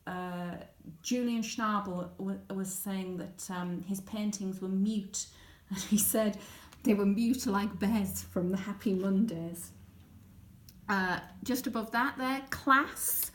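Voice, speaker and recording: A woman's voice: medium pitch, takes it slowly, reverberant, slight background noise. A woman chatting casually and wryly, explaining a stitched diary with lots of ums and uhs. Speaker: textile artist explaining her stitched diary.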